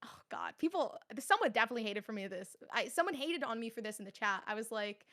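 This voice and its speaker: A woman's voice: mid-range voice, fairly quick, few pauses, fairly bright tone. A young woman, an esports commentator, telling rambling stories in a casual studio interview, laughing often. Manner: giggly, rambling storyteller.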